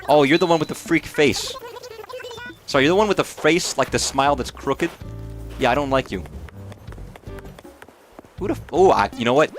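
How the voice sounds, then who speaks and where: A man livestreams a game with casual commentary, swearing freely and rambling into mock rants at the on-screen characters. His voice is medium-pitched, with faint music behind.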